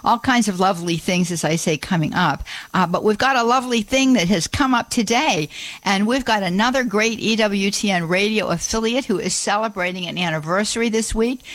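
A woman's voice: mid-range voice, fairly bright tone, no echo. Chatty, upbeat woman radio host. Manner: chatty and upbeat, laughs often, repeats phone numbers slowly. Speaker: radio call-in show host. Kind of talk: live call-in radio talk. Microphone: studio microphone. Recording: dry studio sound.

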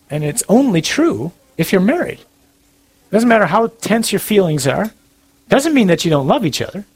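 A man preaches with a slightly husky voice pitched a little high. He speaks in an earnest and direct way, yet it stays conversational and plainspoken. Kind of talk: sermon-style talk.

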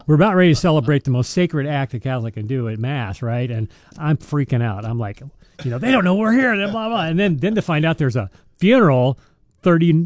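A middle-aged man with a dark, mellow voice, talking as a deacon in a casual faith podcast. He rambles through stories with many restarts. The sound is dry and close. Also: medium pitch, no echo. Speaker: deacon and show host.

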